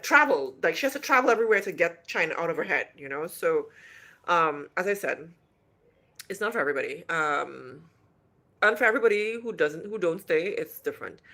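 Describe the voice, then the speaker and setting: A woman's voice: lowish voice, fairly bright tone. Chatty woman with a faint Trinidadian lilt. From Trinidad and Tobago. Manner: chatty and rambling, with many restarts. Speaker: livestream host. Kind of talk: casual livestream chat answering viewer questions. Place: hotel room.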